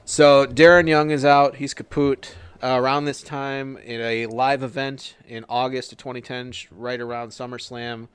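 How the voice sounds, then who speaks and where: A man's voice: medium pitch, moderate pace, hardly any pauses, clear, resonant tone, no echo. Casual swearing man with a dry mic. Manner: swearing, joking, animated retelling. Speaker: podcast co-host. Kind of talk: casual wrestling recap chat.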